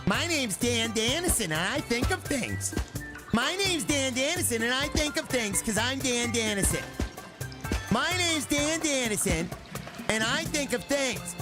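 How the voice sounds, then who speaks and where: A man's voice: very high-pitched, expressive, unhurried, music in the background, pitched above the performer's own voice. A man putting on the voice of a smug, self-important know-it-all man who brags about his own ideas. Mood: boastful. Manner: boastful, singsong repetition.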